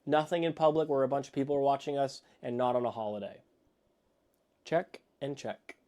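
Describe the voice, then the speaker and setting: Man telling a story in a mellow voice. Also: mid-range voice, brisk. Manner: rambling, excited storytelling. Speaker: podcast co-host. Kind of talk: casual chat. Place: home podcast studio.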